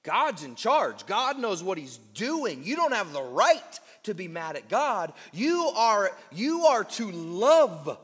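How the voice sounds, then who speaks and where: Guy preaching a sermon, high voice that swings all over, long church echo. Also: very animated, fairly bright tone, slightly rough. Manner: emphatic preaching, slows on key words, quick asides. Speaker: pastor.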